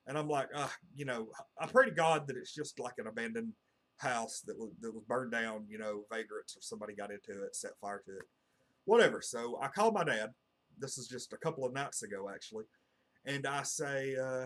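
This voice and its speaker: A man with a drawl, speaking at a middle pitch and talking straight to camera. He tells his story in an earnest, rambling way, full of "uh" and "you know.". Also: fairly quick, a bit bright. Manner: earnest, meandering, heavy on fillers like "uh" and "you know". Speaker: channel host.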